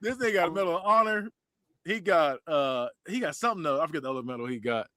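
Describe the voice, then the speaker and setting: Laughing guy w retelling a movie, bright voice, real animated, dry close sound. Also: fast, dry recording. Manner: laughs often, acts out quotes with big pitch jumps. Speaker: podcast host. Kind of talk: casual movie review chat.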